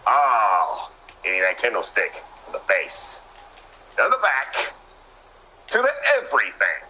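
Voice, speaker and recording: A young man doing excitable play-by-play commentary on a wrestling match, often breaking into sudden exclamations. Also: lowish voice, unhurried, a little hiss or hum, poor audio.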